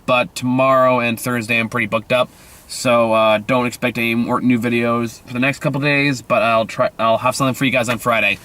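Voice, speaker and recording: A man giving a casual, rambling movie review, sarcastic and quick to swear. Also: on the high side, sharp tone. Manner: sarcastic, swears freely, mocks dialogue; loose and rambling with many fillers.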